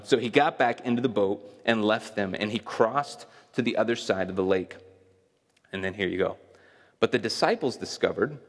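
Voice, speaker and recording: Low-voiced male pastor in a hall. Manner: conversational, asks the audience questions. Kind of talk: sermon. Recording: long reverb of a large hall.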